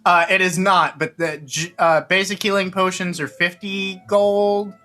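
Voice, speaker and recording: A man running a tabletop game as dungeon master over voice chat, laughing often and halting with restarts. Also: high-pitched, level tone, pushed and bright, soft background music. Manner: laughing, halting, self-mocking.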